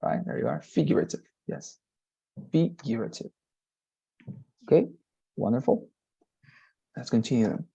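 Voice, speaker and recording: A man's voice: mid-range voice, very animated, gravelly, mellow, slightly rough, highs cut off. Patient man tutoring on a video call. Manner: patient, explains slowly with many fillers and restarts. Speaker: English tutor. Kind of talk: one-on-one online lesson.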